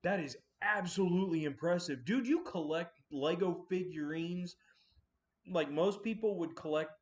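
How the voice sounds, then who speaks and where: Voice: medium pitch, expressive, measured pace, a little mellow. Chatty streamer muttering over Lego. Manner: chatty, talks to himself while building, often muttering. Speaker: livestream host building Lego. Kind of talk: casual live-streamed building chat.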